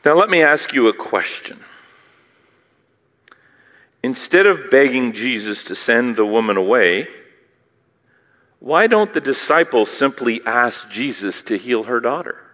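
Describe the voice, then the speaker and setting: Animated preacher in a reverberant hall. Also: male voice, mid-range voice, a little slow, long pauses. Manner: animated, theatrical, swings from loud to hushed; asks the listeners questions. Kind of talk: sermon.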